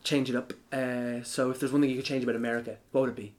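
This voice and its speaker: A man's voice: medium pitch, flat delivery, background noise. A young male host from Ireland, hosting a casual podcast chat in a playful, teasing way. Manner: playful, teasing, quick to laugh.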